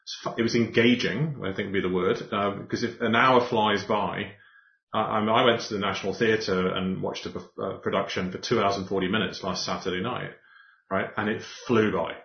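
A man's voice: on the low side, fairly even intonation, moderate pace, creaky. A man hosting a podcast interview, rambling and restarting with frequent laughs. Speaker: podcast host. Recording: echoey, muffled remote audio.

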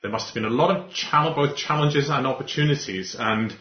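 A podcast host interviews someone, talking fairly quickly in a medium-pitched voice. He rambles, restarts, and laughs frequently. The remote audio sounds echoey and muffled.

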